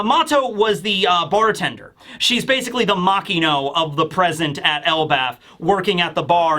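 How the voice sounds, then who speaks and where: A man's voice: fairly high pitch, pushed and bright. A young man giving a casual, rambling manga chapter recap, animatedly acting out quoted lines. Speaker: manga review YouTuber.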